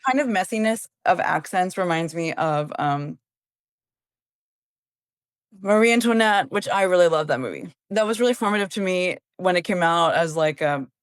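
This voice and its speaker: A woman's voice: lowish voice, expressive, moderate pace, clear, resonant tone, no room sound. A woman in her thirties, a comedian guest, talking through her thoughts about films and searching for words. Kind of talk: casual film chat.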